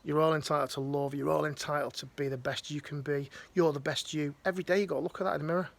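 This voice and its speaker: A man's voice: fairly high pitch, fairly even intonation, fast talker, gravelly. A man giving a motivational life-coaching talk to camera, emphatic and direct, repeating his key phrases.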